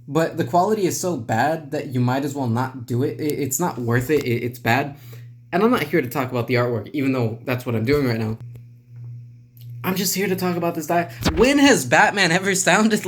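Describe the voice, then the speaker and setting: Man with a slightly high voice, casual vlog commentary, wry, rambling delivery. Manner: wry, rambling, self-deprecating. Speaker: comics commentary vlogger.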